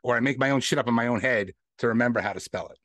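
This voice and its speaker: A man's voice: mid-range voice, rapid-fire, a bit bright, no echo. A man chatting casually on a podcast, laid-back, swearing and laughing often. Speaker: podcast host.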